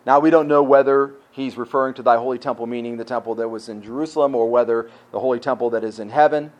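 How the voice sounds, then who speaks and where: A man's voice: medium pitch, steady tone, fast talker, muffled recording. Conversational male pastor preaching. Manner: informal, repeats words, asks rhetorical questions. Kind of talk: conversational sermon.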